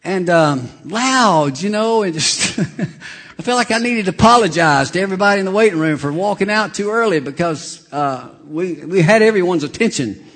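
A man preaching a sermon, reading scripture slowly and telling animated stories, chuckling as he goes. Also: high voice, in a large hall. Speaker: pastor.

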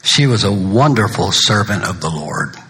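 A man's voice: low voice, expressive, moderate pace, a bit bright. An older man, a pastor giving a funeral sermon, mixing folksy jokes about himself with solemn words of comfort. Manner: folksy, joking anecdotes between solemn points.

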